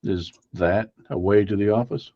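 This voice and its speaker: A man's voice: fairly low pitch, normal speed, dry recording, dull audio. A man playing a tabletop role-playing game, plainspoken as he plans his moves. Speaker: player. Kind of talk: casual tabletop play.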